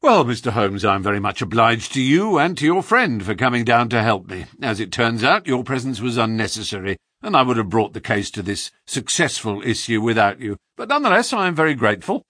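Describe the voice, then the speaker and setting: A man's voice: mid-range voice, big pitch swings, a little fast, few pauses, sharp tone, no echo, clean studio sound. A man reading an audiobook, voicing a young police inspector who speaks sternly and with smug formality. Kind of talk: audiobook character voice.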